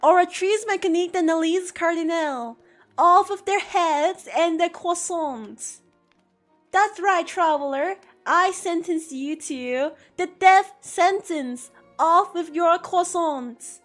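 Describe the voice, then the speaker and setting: A woman voicing a pompous, theatrical young noblewoman judge with mock-French grandeur, issuing drawn-out decrees. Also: medium pitch, fairly even intonation, soft background music, natural voice. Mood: grandly imperious.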